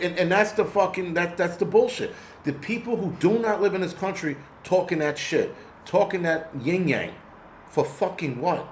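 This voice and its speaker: A man's voice: on the high side, reverberant, a little hiss or hum. A man from the United States hosting his channel, giving an angry, profane, rambling livestream rant full of restarts. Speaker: host.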